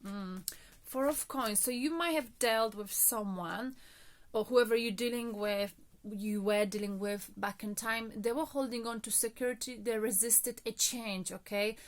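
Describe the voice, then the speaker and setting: A woman's voice: fairly high pitch, a little slow. A woman reading tarot cards in a casual, chatty monologue, a little out of breath, often checking in with "okay?" and filler words. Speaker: tarot reader.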